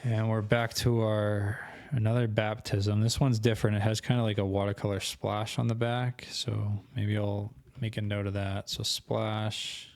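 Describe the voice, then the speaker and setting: Low, flat-voiced man thinking aloud. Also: measured pace, few pauses, no room sound. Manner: thinking aloud, casual, self-correcting. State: losing his voice. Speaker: co-host of an online selling channel. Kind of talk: screen-share tutorial walkthrough.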